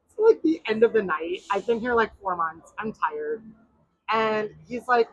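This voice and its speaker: Blunt, husky woman host telling stories. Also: mid-range voice, measured pace, muffled recording. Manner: blunt and animated storyteller, swears freely. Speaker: podcast host and bartender. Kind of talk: casual chat, telling bar stories.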